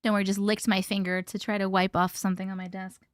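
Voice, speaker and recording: A woman hosting a casual live stream, chatting with viewers and reading stories aloud with hushed dramatic pauses. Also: medium pitch, level tone, no echo, clean studio sound.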